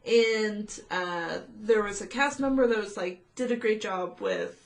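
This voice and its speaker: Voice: mid-range voice, big pitch swings, measured pace. A speaker recalling work stories in casual chat, hesitant, with lots of fillers. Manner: hesitant, many fillers, laughs along. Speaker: podcast co-host, former theme park cast member.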